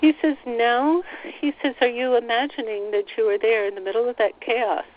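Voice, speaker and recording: A woman relaying channeled spiritual teachings on a recorded call, speaking slowly and gently and repeating phrases. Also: fairly high pitch, fairly even intonation. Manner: slow, soothing, repeats phrases, relays quotes. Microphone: phone line on a teleconference call. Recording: slightly dull teleconference audio.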